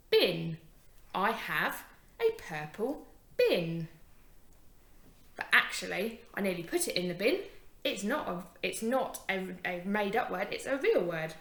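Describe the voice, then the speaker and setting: A young woman teacher giving a phonics lesson to young children, encouraging and sounding out words slowly. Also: mid-range voice, gravelly, fairly bright tone, roomy sound.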